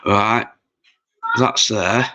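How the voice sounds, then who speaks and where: Sweary chatty man, bright voice. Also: lowish voice, fairly even intonation, extremely slow. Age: 40s. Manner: rambling, sweary, chatty with viewers. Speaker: livestream host. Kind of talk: casual livestream chat.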